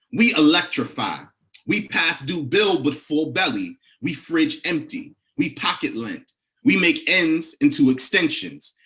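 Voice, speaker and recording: Between poems, this medium-pitched young man speaks quietly in an African American English accent, pausing often and using lots of fillers. When he performs, his spoken word poetry turns rhythmic and incantatory, building as it rises.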